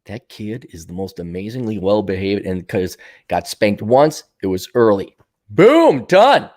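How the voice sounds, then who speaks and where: A man's voice: sits low, normal speed, a little mellow. A man hosting his own show, talking bluntly and profanely in a casual monologue and acting out the voices of people he quotes. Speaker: podcast host answering viewer comments.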